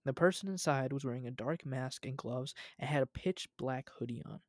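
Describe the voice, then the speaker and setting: A man's voice: medium pitch, moderate pace, no echo, studio quality. Young man reading a story aloud. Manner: relaxed, laughs at his own reading. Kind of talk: casual chat and story reading.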